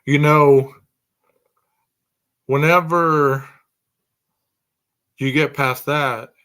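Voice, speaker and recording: Man, podcast host, true crime commentary, slow deliberate pace, rhetorical questions. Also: a little high, fairly even intonation, a bit bright. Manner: asks string of rhetorical questions.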